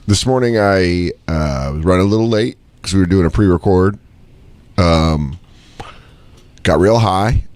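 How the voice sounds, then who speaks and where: A young man co-hosting a radio show, telling a comic story with lively, shouted impressions of himself. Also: deep voice, unhurried, long pauses, no room sound. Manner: animated storyteller, shouting when acting out his anger. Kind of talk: casual comedic banter.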